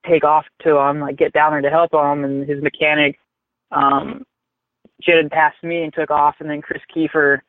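A man's voice: a little high, moderate pace, no echo. Man telling a story over a tinny line. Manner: rambling, animated, swears freely. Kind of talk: casual storytelling. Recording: tinny phone-like line, dry.

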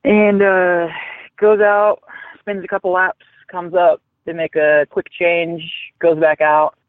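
A man telling a rambling, animated story in casual chat, swearing freely. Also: high voice, slow pace, clear, resonant tone, no room sound. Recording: tinny phone-like line, dry.

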